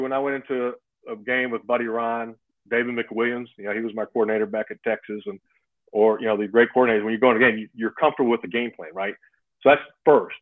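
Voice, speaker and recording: A man's voice: mid-range voice, dry recording. A man in his fifties, a former football player, talking as a guest in a casual interview. He rambles, restarts often and keeps asking "right?". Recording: phone-like remote call, dry.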